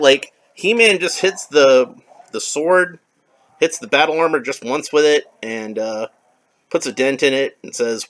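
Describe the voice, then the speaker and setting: Man, toy collector, casual unboxing commentary, bright voice, chatty, rambling, wry. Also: medium pitch, measured pace. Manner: chatty and rambling, with many fillers.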